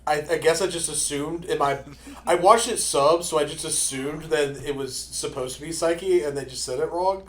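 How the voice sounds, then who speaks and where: A man's voice: on the high side, normal speed, a bit bright. A man on a casual podcast, speaking hesitantly and trailing off mid-thought. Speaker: podcast guest.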